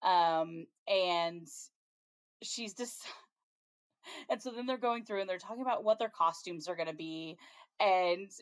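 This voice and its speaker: A woman co-hosting a podcast, talking on a slightly low pitch. She recaps a TV episode in a loose, chatty way, dropping lots of ums and small laughs along the way. The sound is close and dry, with no room around her. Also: slow pace, pauses often, clean tone, no room sound. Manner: chatty, frequent ums, laughs while retelling scenes. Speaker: podcast co-host. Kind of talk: casual chat, recapping a TV episode.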